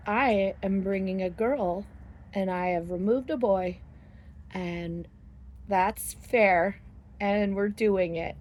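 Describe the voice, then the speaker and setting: A woman's voice: mid-range voice, slow pace, darkish tone. A middle-aged woman telling a rambling, casual story to her viewers, laughing often and swearing freely. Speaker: vlogger.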